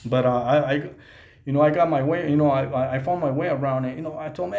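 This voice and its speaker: A man who was in prison telling his own story in a halting way, with many restarts and Spanish slang. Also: on the high side, creaky, darkish tone, reverberant. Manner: mixes in Spanish slang words. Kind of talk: casual storytelling to camera.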